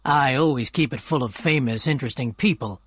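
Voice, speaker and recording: A charming, wealthy young gentleman who speaks politely and easily, read by a man. His mid-pitched voice sounds dry and close, as in a storybook reading. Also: brisk, breathy edge, dry recording, lightly acted. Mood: friendly.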